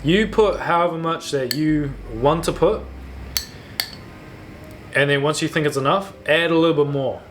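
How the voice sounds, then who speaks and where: A man's voice: a little high, normal speed, long pauses, fairly bright tone, slight background noise. A man talking casually through a home baking video, loose and chatty with slangy asides. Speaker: home cook. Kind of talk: casual cooking vlog.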